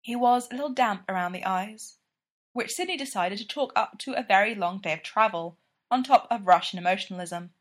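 A woman reads a story aloud with a steady, even delivery, moving through the narration at an unhurried clip. Her voice sits in a middle range and stays plain and untheatrical between the dialogue. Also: medium pitch. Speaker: reader. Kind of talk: reading fan fiction aloud.

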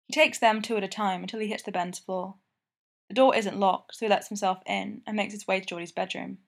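Woman, audiobook narrator, romance novel, steady, intimate, mid-pitched. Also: vocal fry.

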